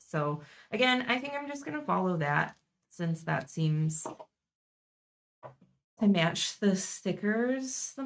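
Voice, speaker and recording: A young woman chatting through a live-stream board game unboxing, thinking aloud and laughing softly as she goes. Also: medium pitch.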